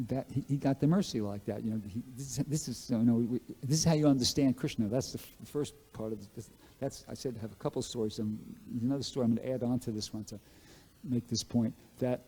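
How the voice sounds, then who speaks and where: A man's voice: medium pitch, warm tone, breathy edge. A man giving a scripture class, telling devotional stories in a casual, rambling way with many fillers and restarts. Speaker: class speaker at a temple. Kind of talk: Bhagavatam class storytelling.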